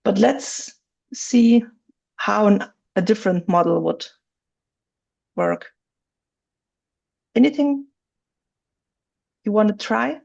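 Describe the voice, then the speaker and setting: Woman, workshop instructor, raspy fry, a bit high, lo-fi video-call sound. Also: animated, slow pace, pauses often, a little mellow. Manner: chatty, laughs easily, thinks aloud. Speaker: writing software instructor. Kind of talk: live online workshop teaching. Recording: dull lo-fi video call audio.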